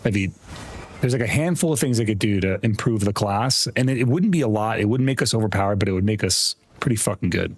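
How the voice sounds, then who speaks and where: A man's voice: on the low side, lively intonation, fast talker, slightly rough, no echo, clean studio sound. A man streaming a game, chatting casually with a friend while he plays, laughing often and swearing casually. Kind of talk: casual gaming chat.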